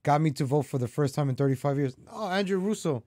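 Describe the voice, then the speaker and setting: A man's voice: on the high side, expressive, quick pace, a little mellow, no echo, studio quality. A man hosting his own political commentary vlog, talking straight to his viewers in a heated, repetitive rant. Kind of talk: ranting opinion vlog.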